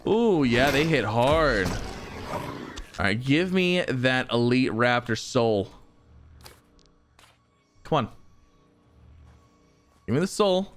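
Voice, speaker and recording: A young man giving excitable let's-play commentary, chuckling and talking to the enemies he fights. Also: medium pitch, very slow, long pauses, faint music behind. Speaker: gaming YouTuber.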